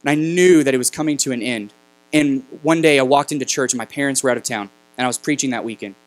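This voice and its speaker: A man in his thirties preaching as a guest speaker, telling a personal story in a halting, conversational way that turns emotional. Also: medium pitch, no echo, rough recording. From New Mexico. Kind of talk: storytelling sermon. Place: church sanctuary.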